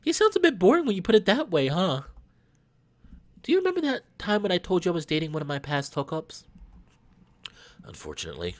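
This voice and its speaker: A man's voice: high voice, wildly swooping pitch, a little fast, pauses often. A man voicing a friendly, earnest young male cat in a visual novel read-along. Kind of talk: reading a visual novel aloud.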